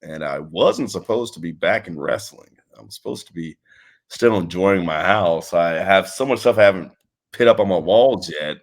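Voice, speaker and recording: Deep-voiced and moderately paced, the man is a wrestling trainer being interviewed in a relaxed conversation. His stories wander, restart, and come alive with acted-out quotes.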